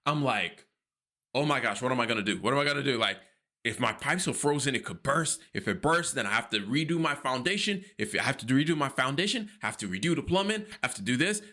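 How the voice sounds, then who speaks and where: A man vlogging about personal finance, telling a personal story in an earnest, devout way and acting out his own past reactions with lively quotes. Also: mid-range voice, fairly quick. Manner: animated, acts out his own panic and prayers in quotes.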